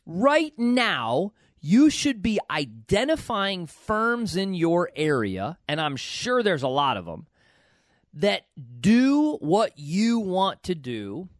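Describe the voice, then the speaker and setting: A man hosting a podcast, giving emphatic, animated career advice to a student. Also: sits high, dry recording, clean studio sound. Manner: animated, emphatic, repeats words. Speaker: podcast host, financial advisor. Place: US, Kentucky.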